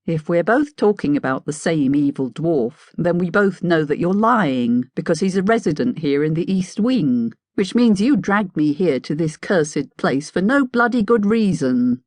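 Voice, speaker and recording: A woman's voice: lowish voice, lively intonation, a little slow, few pauses, a little mellow, no room sound. An impatient, weary hero, as a woman narrator voices him, clipped and exasperated. His lines come curt and pressing, a plain audiobook character voice recorded dry.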